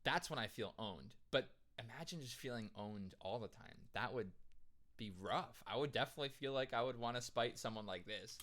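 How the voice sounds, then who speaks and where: A man's voice: medium pitch, normal speed, a bit bright. An amused man from the United States giving casual reaction commentary, laughing often and chatting loosely with plenty of fillers. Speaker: reaction video host.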